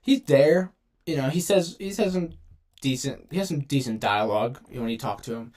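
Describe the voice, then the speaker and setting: Speaking at normal speed in a mid-range, slightly mellow voice, a young man who makes gaming videos casually sorts game characters into tiers. His commentary rambles, leans on slang, and keeps interrupting itself.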